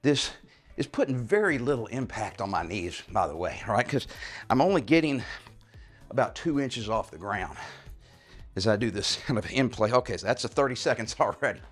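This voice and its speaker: Man, 50s, easygoing workout coach, mid-pitch, slightly breathless, soft music bed. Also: big pitch swings, moderate pace. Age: over 50. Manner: casual, keeps saying "all right?". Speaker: fitness coach. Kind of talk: home workout instruction.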